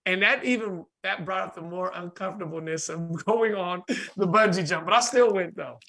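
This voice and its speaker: A man, a podcast guest telling a lively story, laughing often and acting out the people in it. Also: high-pitched, normal speed, creaky. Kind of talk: animated storytelling in conversation.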